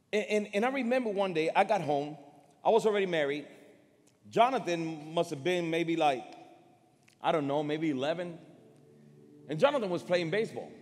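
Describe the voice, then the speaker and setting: A middle-aged man preaching a sermon built on a personal story. He talks in an emotional, halting way, repeating words as he swings between loud and soft. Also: a little high. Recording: long hall reverb, faint music.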